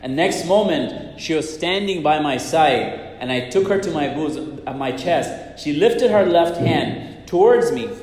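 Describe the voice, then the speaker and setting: A man's voice: a little high, lively intonation, a little slow, few pauses, a little mellow. A man preaching and retelling a religious story in an earnest way, often repeating himself as he goes. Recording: echoey hall with long reverb.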